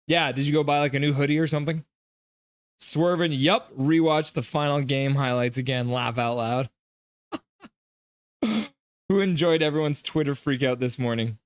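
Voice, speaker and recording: A man's voice: a little high, dry recording, clean studio sound. Chatty man reading live chat. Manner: reads viewer comments aloud and riffs on them; chatty, loose, many fillers. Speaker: livestream host. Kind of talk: casual live-stream chat.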